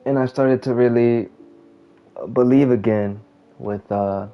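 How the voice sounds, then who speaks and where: A man casually venting about his life while playing a game, rambling and halting, often trailing off quietly. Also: medium pitch, steady tone, smooth. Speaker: gamer venting. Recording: muffled lo-fi audio with faint game music.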